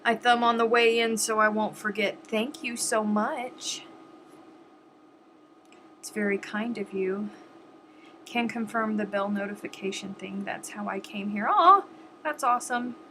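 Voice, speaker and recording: A woman's voice: medium pitch, level tone, measured pace, long pauses, fairly bright tone, slight background noise, rough recording. A woman hosting a crochet live stream, chatting casually and directly to viewers, with a sniffly, stuffed-up nose.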